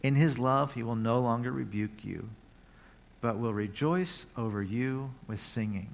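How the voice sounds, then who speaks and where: A man preaching a sermon at a middle pitch, talking in an easy, conversational way. He reads scripture aloud and now and then breaks out in a loud, happy cry. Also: unhurried, gravelly. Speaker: pastor.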